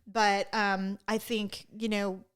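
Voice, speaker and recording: A woman co-hosting a podcast in casual chat, telling a story with lively quoted voices. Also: medium pitch, takes it slowly, smooth. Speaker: podcast co-host.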